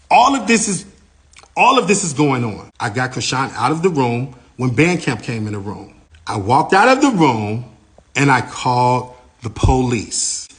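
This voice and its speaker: A man, a manager, giving a lively first-person account of an incident, his voice rising and getting louder as he gets heated. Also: measured pace. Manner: animated, grows louder and higher when heated.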